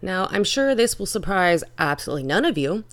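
A woman's voice: mid-range voice, sing-song, a little fast. A woman giving vlog commentary in an emphatic, indignant, profane manner.

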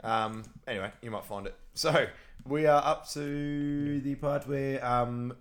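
A man's voice: mid-range voice, measured pace, smooth. A man co-hosting a podcast, recapping a film in casual chat, often laughing and acting out scenes. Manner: laughing, animated retelling with acted-out quotes. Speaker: podcast co-host.

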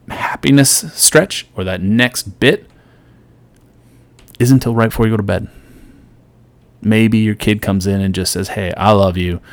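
A middle-aged man hosting a solo podcast, giving an earnest motivational talk that swings between loud and soft. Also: fairly low pitch, dry recording. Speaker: podcast host.

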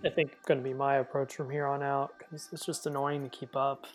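A man's voice: mid-range voice, flat delivery, a little fast, soft background music. A man guest on a podcast, himself a podcaster, talking in a matter-of-fact way. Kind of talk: casual podcast chat.

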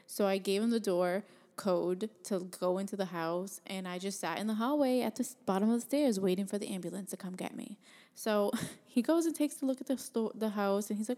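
A young adult woman telling a personal story in a casual, blunt way, swearing freely and getting animated. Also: medium pitch, fairly quick.

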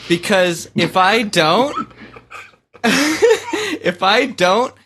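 A man's voice: high-pitched, big pitch swings, drawn-out words, sharp tone, slight background noise. A man co-hosting a casual chat on a group call, teasing and exasperated. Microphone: call microphone.

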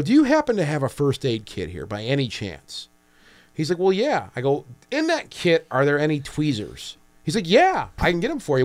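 A man in casual podcast chat, telling a story with lots of swing in his voice. He acts out each bit of dialogue and curses freely, never sitting on one note for long. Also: on the high side. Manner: animated storyteller acting out dialogue, swears freely.

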